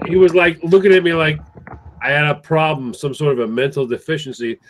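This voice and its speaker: A man in a casual group chat, swearing freely and mimicking others in a low voice. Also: steady tone, a little fast, slight background noise, rough recording.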